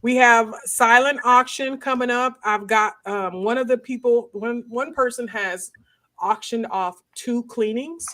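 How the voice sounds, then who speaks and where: Woman host, casual live-stream chat, animated, jumps up in pitch for jokes. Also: measured pace. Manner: animated, laughing, rising to high pitch when joking.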